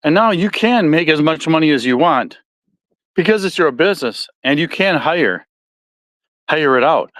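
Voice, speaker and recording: A man's voice: a little high, expressive, moderate pace, fairly bright tone, no echo. Folksy Midwestern man with a dry sound. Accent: Midwestern American. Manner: rambling, self-correcting, folksy. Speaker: podcast host. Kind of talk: casual solo podcast talk.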